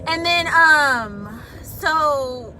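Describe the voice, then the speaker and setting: High-voiced woman venting while driving. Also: animated, very slow. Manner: rambling, swearing, exasperated venting. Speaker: vlogger. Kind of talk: casual live-stream chat while driving. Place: in a car. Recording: phone audio with loud car noise. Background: road and traffic noise.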